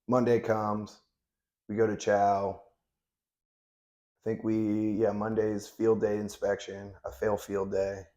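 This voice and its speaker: A man's voice: on the low side, monotone, slow pace, long pauses, dark tone, dull audio. A man in his thirties telling stories as an interview guest, in a blunt, laid-back way and with plenty of swearing. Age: 30s. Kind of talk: casual interview storytelling.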